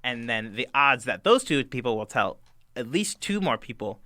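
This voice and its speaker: A man's voice: medium pitch, big pitch swings, moderate pace, bright, forceful tone, dry recording. A man voicing a fussy, hesitant male aide who calculates odds, in a tabletop game. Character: nervous male number-cruncher aide, fussy and precise.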